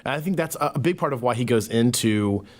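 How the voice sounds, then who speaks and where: A man talking as a podcast guest, thoughtful and hesitant with many pauses and fillers. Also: mid-range voice, animated. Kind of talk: casual conversation.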